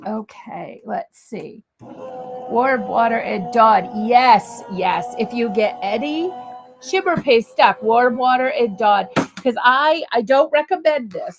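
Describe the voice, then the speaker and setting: A woman's voice: mid-range voice, creaky, slight background noise. A woman with a Canadian accent hosting a live crafting demo, rambling in a friendly way while she has a cold and a cough. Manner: rambling, friendly, lots of ums and asides. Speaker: crafting livestream host.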